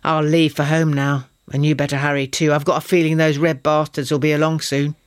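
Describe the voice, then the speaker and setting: A man's voice: a little high, little pitch movement, brisk, dry recording, clean studio sound, close to an everyday voice. A man playing a hearty market trader woman. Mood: cheerful. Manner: loud, cheerful, blunt.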